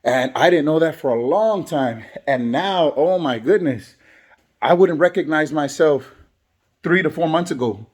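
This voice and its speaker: A man's voice: fairly high pitch, expressive, measured pace. A man who is a barber and father, talking earnestly in a motivational vlog and repeating phrases for emphasis. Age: adult, has kids. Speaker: barber and vlogger.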